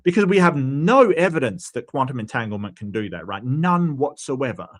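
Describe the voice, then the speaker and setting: A man's voice: medium pitch, very animated, normal speed. Man casually reviewing a debate. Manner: conversational, reasons step by step with many fillers. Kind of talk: casual analytical commentary.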